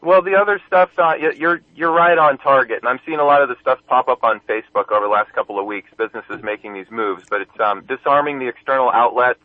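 A man's voice: mid-range voice, fast talker, hardly any pauses, dry recording. A man phoning in to a radio show as a local business leader, speaking in an upbeat, informative way with some fillers. His voice comes through a thin, tinny telephone line with a dry, close sound. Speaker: chamber of commerce head, caller. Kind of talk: casual radio call-in chat. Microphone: phone.

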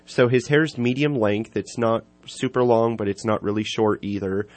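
A man's voice: lowish voice, moderate pace. A man from an animal shelter, explaining a foster program in a friendly, informative way. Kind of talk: casual interview.

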